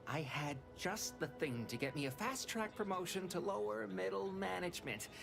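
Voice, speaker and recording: A wheedling corporate schemer. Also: male voice, high voice, normal speed, creaky, over music. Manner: folksy, wheedling salesman patter. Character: scheming talkative corporate underling man. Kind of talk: video game dialogue.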